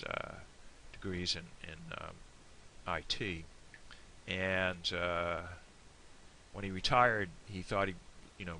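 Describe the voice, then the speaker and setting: A man's voice: sits low, gravelly, pushed and bright. Chatty American man teaching a toast. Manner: chatty, rambling, self-deprecating, with many fillers. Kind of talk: casual screen-share lesson. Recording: faint hiss.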